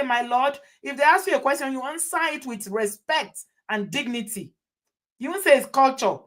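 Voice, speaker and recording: A woman hosting, giving advice to viewers in an emphatic way and repeating her points. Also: high voice. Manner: emphatic, repeats phrases for effect. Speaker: host.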